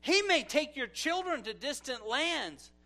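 Man, pastor, sermon, high-pitched, middle-aged, dramatic loud-soft swings, storytelling. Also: sing-song, measured pace, creaky. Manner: dramatic swings from loud exclamations to hushed asides, storytelling with acted quotes.

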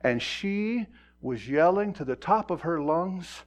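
A middle-aged man preaching a sermon in a conversational way, acting out quoted voices and moving from quiet talk to loud emphasis. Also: a little high, lively intonation, unhurried. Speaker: pastor.

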